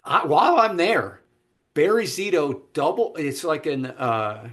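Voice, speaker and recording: Talking a little slowly in a voice on the high side, the man is a podcast host. Chatting casually over a remote call, he tells a lively anecdote and does voices for each of the people involved.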